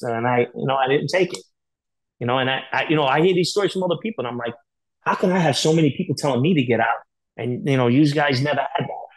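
A man's voice: medium pitch, low-quality recording. A man as a podcast guest telling candid stories in a blunt, profane way, full of fillers. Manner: rapid, blunt, profane, filler-heavy storytelling. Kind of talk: candid storytelling interview.

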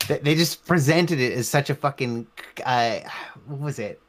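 A man's voice: medium pitch, normal speed. A man chatting casually on a podcast, swearing constantly and rambling through memories. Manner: profane, rambling, frequent swearing.

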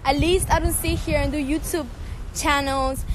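A woman's voice: high voice, steady tone, normal speed, background noise. A teenage girl from Cuba with a Cuban Spanish accent, a Spanish speaker, ranting angrily and profanely on a livestream. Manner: angry, profane, confrontational. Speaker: singer and social media personality. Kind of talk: heated livestream rant.

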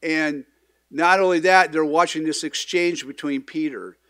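This pastor's voice sits a little high and moves a little slowly, captured at studio quality without any room sound. He's an earnest man giving a casual sermon in a church sanctuary, talking conversationally, often restarting and wandering into asides, then acting out quoted lines with abrupt loud emphasis.

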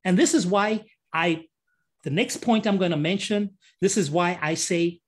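A man talking as a guest in an interview, telling stories in an animated way and acting out other people's lines. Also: high voice, moderate pace, husky. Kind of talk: storytelling in conversation.

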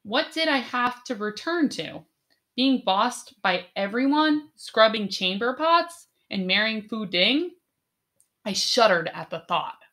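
A woman narrating a story in the first person as an audiobook, with slow, careful storytelling. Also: a little high, animated, bright, forceful tone.

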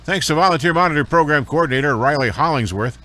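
A man anchoring a radio news bulletin, reading a report in a measured way. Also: a little high, lively intonation, bright, forceful tone.

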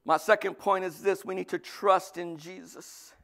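A male pastor preaching a sermon, lively, swinging from loud bursts to soft asides. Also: high-pitched, moderate pace, gravelly.

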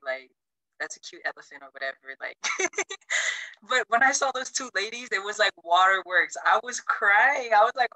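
A woman from Chuuk in Micronesia tells a travel story casually over a video call, using lots of "like" and acting out quotes with big pitch jumps. The recording is dry and rough.

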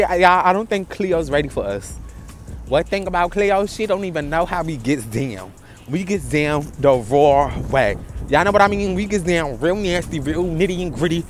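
A man's voice: on the high side, expressive, normal speed, a little hiss or hum. A man vlogging outdoors in a parking lot by his bus, talking to the camera held at arm's length in a brash, profane, theatrical way. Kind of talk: casual travel vlog to camera.

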